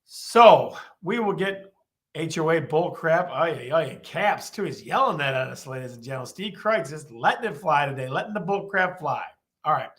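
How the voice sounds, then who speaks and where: A man hosting a live-streamed real estate show, talking with a lot of energy. His voice sits a bit high, and he keeps repeating his questions to the chat. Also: animated, a little fast, a bit bright.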